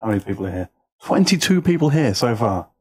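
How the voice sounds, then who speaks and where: A man hosting a casual live stream about his music, relaxed and chatty, laughing often. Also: mid-range voice, fast talker. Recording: loud music under the voice.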